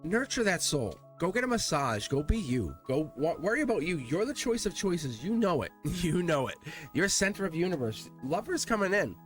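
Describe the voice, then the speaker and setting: At a normal speed, a man gives a casual tarot reading, his fairly high voice moving all over the place as he rambles, chats with the cards, and laughs. Faint, soft music sits behind him.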